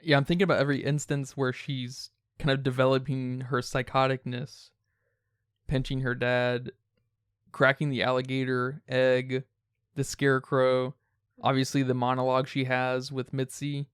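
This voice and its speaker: Measured man podcaster, smooth dry voice. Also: mid-range voice, little pitch movement, no room sound. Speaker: podcast co-host. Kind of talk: casual film discussion.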